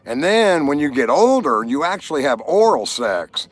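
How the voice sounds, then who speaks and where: A man's voice: mid-range voice, big pitch swings, moderate pace, a bit bright. Chatty man hosting a livestream. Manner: chatty, jokey, talks to viewers. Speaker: livestream host. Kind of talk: casual livestream chat and joke telling.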